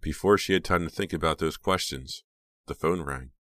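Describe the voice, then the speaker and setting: A man narrating an audiobook in a steady, suspenseful reading. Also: a bass voice, normal speed, no room sound. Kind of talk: scripted narration.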